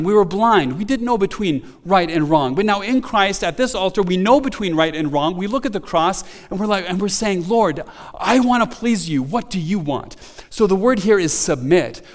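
A man's voice: high voice, big-room sound. A man preaching a sermon as a pastor, talking conversationally with frequent restarts and rising to emphatic quotes.

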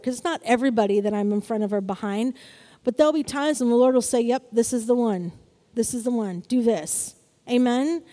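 A woman's voice: sits high, mellow, in a large hall. A woman preaching a sermon in an upbeat way, often asking the congregation "Amen?".

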